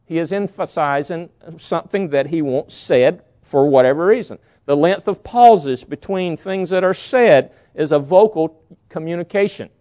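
A man's voice: a little high, normal speed, dark tone. A man preaching a sermon in an emphatic way, often acting out short quotes to make his point. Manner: emphatic, illustrating with acted quotes. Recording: dull lo-fi sound.

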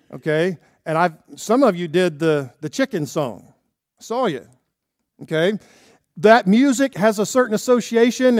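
High-voiced preacher, dry sound. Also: male voice, a little mellow, dry recording. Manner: conversational preaching with frequent "okay?" and "right?" check-ins. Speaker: pastor. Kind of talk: sermon. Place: church.

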